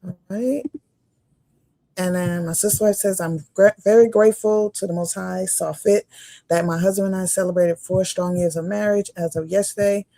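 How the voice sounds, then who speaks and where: A woman's voice: on the low side, fairly even intonation, moderate pace, mellow, dry recording. A woman co-hosting a religious livestream, reading viewer comments aloud and often laughing.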